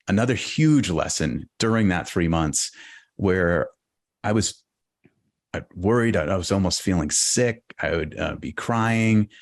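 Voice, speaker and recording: Very deep-voiced man telling his story. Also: no room sound. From Boston. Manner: earnest, reflective, halting restarts. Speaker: guest. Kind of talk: candid personal storytelling.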